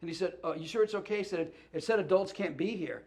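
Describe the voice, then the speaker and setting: A man telling comic stories as a talk show guest, animated, stumbling over restarts and laughing through punchlines. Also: sits high, quick pace. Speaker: comedian and guest. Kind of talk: storytelling chat.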